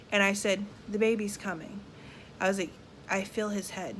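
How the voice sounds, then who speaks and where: A woman's voice: mid-range voice, moderate pace, a little hiss or hum. A young woman with a Southern US accent, telling her own story casually and bluntly, often swearing and acting out what other people said. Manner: candid and blunt, with frequent profanity; animated, acts out quoted people. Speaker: vlogger.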